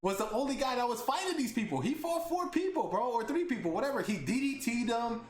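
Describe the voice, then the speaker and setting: A young man hosting a podcast, telling a story in casual chat, animated and laughing, swearing freely. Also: very high-pitched, fast talker. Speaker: podcast host. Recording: echoey room with faint background noise.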